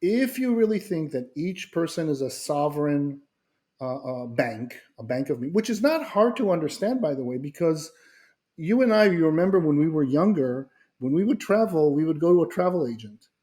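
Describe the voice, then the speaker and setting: Man, middle-aged, animated storyteller, fairly high voice, warm mellow tone. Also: moderate pace. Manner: animated storyteller, acts out quoted voices, repeats words when restarting. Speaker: guest speaker. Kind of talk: conversational explanation.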